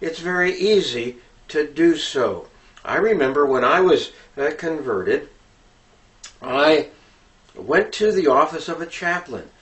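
In an instructional talk about preaching, a man speaks slowly and earnestly, with deliberate pauses filled by fillers. His voice is somewhat high with a fairly bright tone, and he sounds far from the microphone, giving the recording a distant quality.

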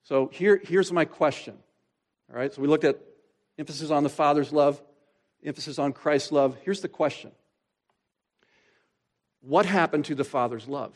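A male pastor preaching a sermon, asking rhetorical questions and pausing for effect, slowing down to stress key phrases. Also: a little high. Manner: expository preaching, rhetorical questions, dramatic pauses.

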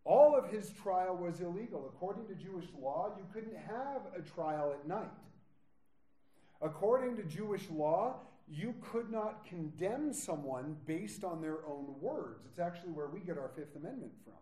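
A man's voice: high voice, lively intonation, moderate pace, roomy sound. A man preaching a sermon, retelling scripture and voicing its characters with growing intensity. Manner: prays softly, then preaches with rising intensity, acting out quoted lines. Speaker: pastor.

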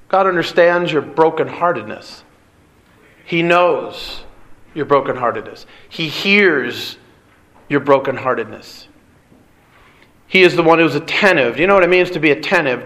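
A man's voice: a little high, sharp tone. A middle-aged man preaching a sermon, earnest and direct, asking the congregation rhetorical questions. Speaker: pastor.

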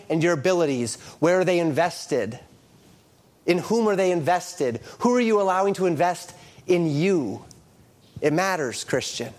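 A man preaching a sermon, reading King James scripture aloud and explaining it verse by verse with emphatic rises and drops. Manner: emphatic, lively rises and drops in pitch and volume.

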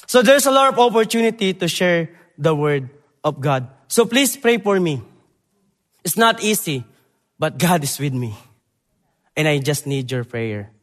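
A man's voice: fairly high pitch, very animated. Earnest young man preaching in a church. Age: young adult. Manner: earnest, halting non-native English, swings from loud emphasis to quiet. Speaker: preacher, Bible college graduate. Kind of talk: church sermon and missions presentation. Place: church sanctuary. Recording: long church hall reverb.

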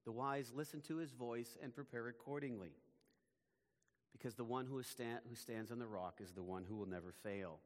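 A man preaching a sermon as pastor, in a measured, emphatic way, his phrases often falling away at the ends. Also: mid-range voice, long reverb tail.

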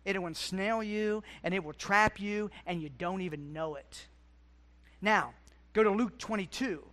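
A middle-aged man preaching a sermon as pastor, swinging between loud, emphatic peaks and quiet, hushed asides. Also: on the high side.

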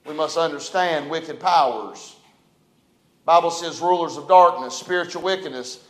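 A pastor whose voice sits high for a man preaches at a moderate pace in a folksy way, with big swings from loud to quiet. His sermon rings around a roomy, echoey church sanctuary.

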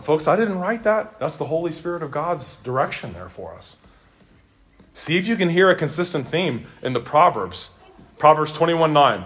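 A man's voice: fairly high pitch, fairly bright tone. A middle-aged man preaching a sermon to a church congregation, earnest and emphatic, often repeating his phrases for weight. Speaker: pastor.

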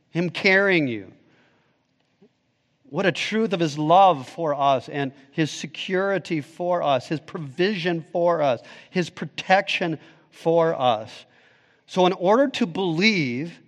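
A man's voice: a little high, in a large hall. A man pastor preaching a sermon emphatically, rising and falling in intensity.

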